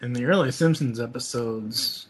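A man's voice: medium pitch, normal speed. A man on a podcast chipping in with brief, dry remarks. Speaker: podcast co-host. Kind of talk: casual chat.

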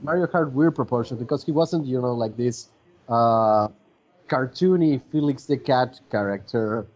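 A man whose first language is Spanish talks loosely on a podcast, trailing off and restarting often with plenty of fillers. His voice sits in an ordinary middle pitch. The recording sounds dull and lo-fi. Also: moderate pace, darkish tone. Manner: rambling, hesitant, many fillers. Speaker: podcast host. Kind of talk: casual chat.

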